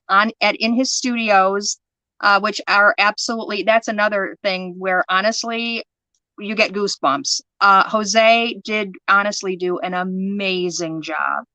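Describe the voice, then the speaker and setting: A woman's voice: mid-range voice, sharp tone, no room sound, low-quality recording. A woman chatting as a guest about acting in fan films, enthusiastic and laughing often, on a video call. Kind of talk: casual chat.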